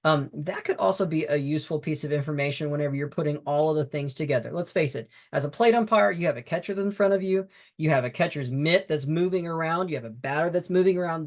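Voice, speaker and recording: A man walks umpires through game footage, talking the way a coach does in a training video. He is conversational and emphatic, with frequent fillers and restarts. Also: on the high side. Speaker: baseball umpire instructor. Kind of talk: instructional talk over game footage.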